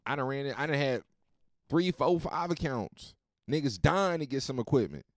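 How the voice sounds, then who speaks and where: Animated, profane man telling a story. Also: medium pitch, moderate pace, dry recording, clean studio sound. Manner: animated, profane, swings loud and soft. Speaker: podcast host. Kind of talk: casual storytelling monologue.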